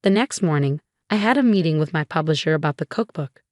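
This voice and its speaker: Low-voiced woman narrating a story, dry sound. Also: animated, fast talker, no echo. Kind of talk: scripted first-person story narration.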